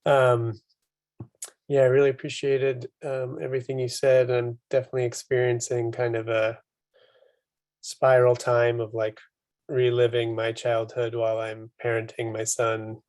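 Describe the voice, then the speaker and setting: Flat-voiced man, tentative. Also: mid-range voice, moderate pace, no room sound. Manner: tentative, searching for words. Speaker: participant. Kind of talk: sharing in a group discussion.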